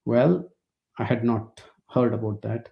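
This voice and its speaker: A man's voice: medium pitch, a little slow, vocal fry, highs cut off. A man in his sixties from India, speaking, gives a webinar lecture as wry, anecdotal storytelling.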